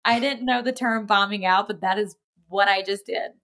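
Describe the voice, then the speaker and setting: A young adult woman, a podcast guest and powerlifting coach, telling her stories in casual chat, animated, often laughing and acting out what people said. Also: mid-range voice, normal speed. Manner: animated, laughs often, acts out quoted voices.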